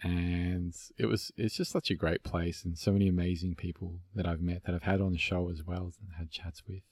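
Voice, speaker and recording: Deep husky-voiced man, relaxed podcast host. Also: a little fast, no echo, clean studio sound. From Australia. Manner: relaxed, reflective, many fillers and restarts. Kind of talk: casual conversation.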